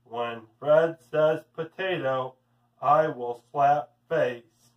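A woman smoker under hypnosis, as a male reader puts her on, droning repeated phrases in a low, flat voice. She speaks slowly in a storybook reading. The voice is heard a little away from the mic. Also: distant mic, dull audio. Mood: entranced.

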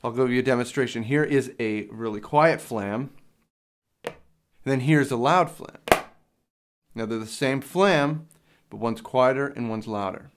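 A man's voice: medium pitch, a little slow, long pauses. A young man with a mid-range voice teaches a drum lesson in a practice studio. He explains each step plainly and patiently, with an occasional filler as he goes. The sound is caught on a small handheld recorder. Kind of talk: instructional lesson. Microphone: handheld field recorder.

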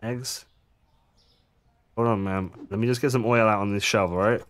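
A man's voice: fairly low pitch, fairly even intonation, moderate pace. A man casually commenting on his gameplay, chatty and jokey, swearing now and then and making asides to his viewers. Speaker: gaming streamer.

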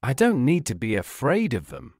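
A man's voice: medium pitch, wildly swooping pitch, moderate pace, gravelly, a little mellow, dry recording, clean studio sound. A man reading the lines of a polite, curious young girl in a storybook.

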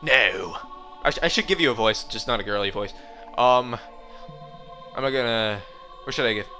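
A young Australian man giving goofy, excitable commentary while playing a video game. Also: mid-range voice, moderate pace, soft background music. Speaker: let's play gamer.

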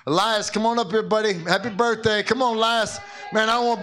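Playful high-voiced man leading a service. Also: a little slow, pauses often, over a noisy crowd. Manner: playful and joking, often laughing. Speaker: pastor. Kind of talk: leading a church service with children. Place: church in Philadelphia.

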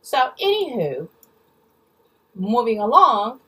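Woman vlogger, angry storytime rant; husky voice, set back from the mic. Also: on the high side, sing-song, takes it slowly, pushed and bright, distant mic, poor audio. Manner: angry, blunt, swears freely, mimics people in quotes. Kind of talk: ranting storytime vlog.

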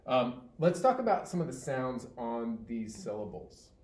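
A man's voice: mid-range voice, big pitch swings, a little slow, darkish tone. A man tutoring one student in reading, patient and encouraging, praising each answer. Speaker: teacher. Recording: roomy with faint ambience.

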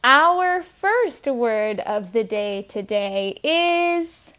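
A woman's voice: fairly high pitch, lively intonation, extremely slow, fairly bright tone, clean tone. A young woman leading children's story time, coaxing little ones to repeat simple words and sounding them out letter by letter in a sing-song way. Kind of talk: teaching toddlers words.

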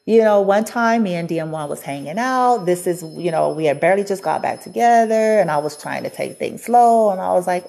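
A woman's voice: lowish voice, very animated, moderate pace, gravelly, darkish tone. A woman vlogger telling a personal story in a chatty, casual way, often laughing and acting out what people said.

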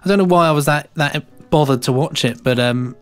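A man's voice: a little high, a little fast, smooth, soft background music. A man co-hosting a casual podcast, speaking hesitantly with many restarts. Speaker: podcast co-host. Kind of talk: casual chat.

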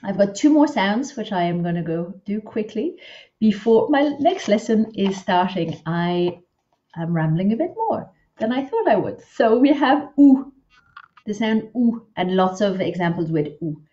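A woman teaching French pronunciation speaks at an unhurried, deliberate pace in a low, mellow voice. She patiently models each word and repeats it, slipping in chatty asides between examples. The laptop recording sounds a little dull and lo-fi. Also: big pitch swings. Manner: patient, models words slowly and repeats them. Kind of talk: online pronunciation lesson.

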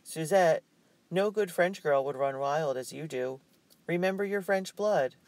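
A cheerful, proper store clerk and tutor in a storybook, voiced by a male narrator. He speaks in a raised, lively way with a hint of scolding. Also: on the high side, measured pace, dry recording, pitched above the performer's own voice.

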